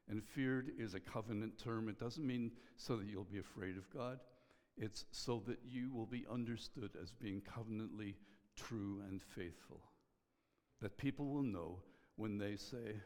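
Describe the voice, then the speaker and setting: A middle-aged male pastor delivers a sermon in a fairly low, earnest voice. He speaks in measured phrases and lets key lines fall almost to a hush. A long reverb trails after him through a large hall.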